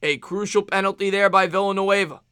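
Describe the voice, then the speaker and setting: A man with a New York accent streaming live play-by-play football commentary, excitable, with rhyming calls and thanks to chat viewers. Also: high-pitched, a little fast, smooth, no echo, clean studio sound. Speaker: sports streamer.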